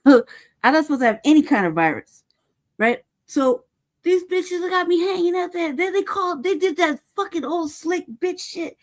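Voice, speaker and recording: Heated, profane woman telling a story. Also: fairly high pitch. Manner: peppers talk with "right?" and "cuz". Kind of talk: casual storytelling.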